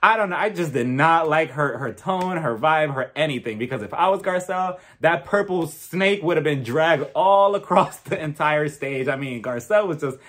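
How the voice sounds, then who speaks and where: Sassy high-voiced man dishing gossip. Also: normal speed, hardly any pauses. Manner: sassy, gossipy, animated retelling. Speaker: reality TV reviewer. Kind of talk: casual commentary.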